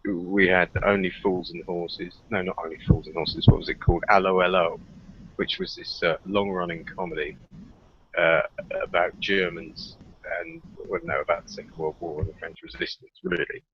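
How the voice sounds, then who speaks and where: A man's voice: sits low, fairly even intonation, moderate pace, highs cut off, slight background noise. A man, trading jokes and teasing banter in a casual chat. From England.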